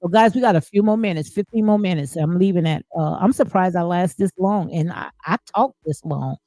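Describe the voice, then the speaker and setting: A woman's voice: on the low side, brisk, mellow, no echo. A woman hosting a live stream, reading viewer comments and answering in an emphatic, preachy way, full of folksy sayings and "honey.".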